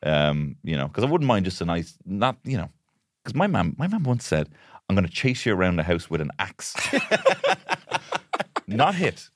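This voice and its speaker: A man's voice: sits low, unhurried, pauses often, no room sound, studio quality. A young Irish man co-hosting a podcast, telling stories with lots of acted-out quotes in a raised voice. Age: young adult. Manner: animated, acts out quotes in big raised voices. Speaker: podcast co-host. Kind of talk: casual comedic chat.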